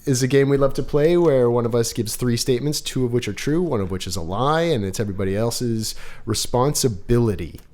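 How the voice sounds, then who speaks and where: A man's voice: mid-range voice, fairly quick, few pauses, darkish tone. A man hosting a comedy podcast in a playful way, stretching words out for comic emphasis. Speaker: podcast host.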